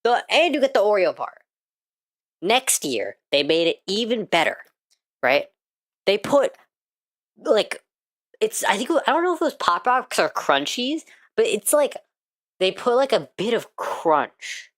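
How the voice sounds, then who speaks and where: An American woman streamer in casual live-stream chat while gaming, ranting excitably and swearing freely. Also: mid-range voice, a little slow, pauses often, no room sound. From United States.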